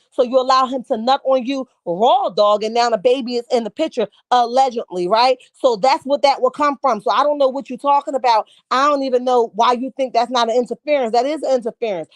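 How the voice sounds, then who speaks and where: Her high voice comes through with no echo as she hosts an easygoing livestream. She reads comments from viewers out loud and answers them with plenty of sass.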